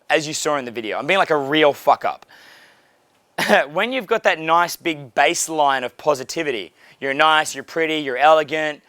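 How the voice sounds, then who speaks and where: A man's voice: on the high side, bright, forceful tone, no echo. A young man coaching a small group in a casual way, blunt and profane, with frequent fillers. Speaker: dating coach.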